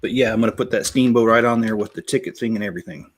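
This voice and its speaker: A man's voice: fairly low pitch, very fast, slight background noise. A man hosting his own channel, chatting casually and telling rambling jokes full of fillers while he builds a toy set and greets viewers by name. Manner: rambling, joking storyteller with many fillers.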